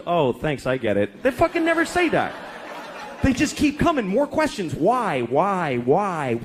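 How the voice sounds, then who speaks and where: A man's voice: extremely high pitch, slight background noise. A middle-aged man doing a stand-up comedy set on stage, ranting in an exasperated, profane way. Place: theater stage before a laughing audience. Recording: live show with crowd laughter.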